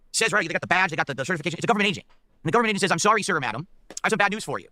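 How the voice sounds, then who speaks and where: A man pours out an emphatic rant to his viewers, racing along in a high voice. He keeps checking in with the audience. The sound is bright and dry. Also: no echo. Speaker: online streamer. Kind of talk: ranting monologue to viewers.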